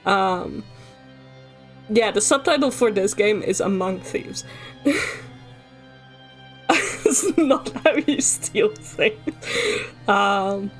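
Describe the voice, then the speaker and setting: A woman's voice: mid-range voice, animated, very slow, pauses often, soft background music. A woman with a Dutch accent, casually recapping a story as a streamer, sweary and full of fillers and laughs.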